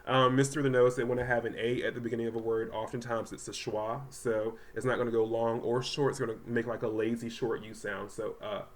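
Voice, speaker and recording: A man teaching a third grade reading lesson to children at home, talking casually with many ums and slowly sounding out words. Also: mid-range voice, little pitch movement. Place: home, voice only over the packet pages. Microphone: close mic, not seen.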